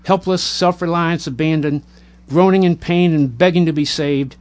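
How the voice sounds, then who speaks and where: A man reading a war memoir aloud in a measured, plain way, now and then stumbling and correcting himself. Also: a little high, steady tone, a little mellow. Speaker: narrator.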